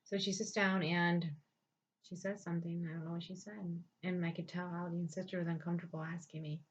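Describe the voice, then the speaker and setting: Frank, foul-mouthed woman storyteller; lower register, muffled lo-fi recording. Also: little pitch movement, brisk, husky. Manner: blunt, frustrated, profane. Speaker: vlogger telling her life story. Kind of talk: candid storytelling, heavy swearing. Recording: dull lo-fi sound.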